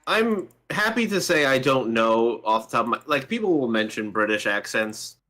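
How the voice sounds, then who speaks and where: A man co-hosting a casual political commentary chat, talking bluntly in a hesitant, halting way. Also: mid-range voice, very animated, bright, forceful tone. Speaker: podcast co-host.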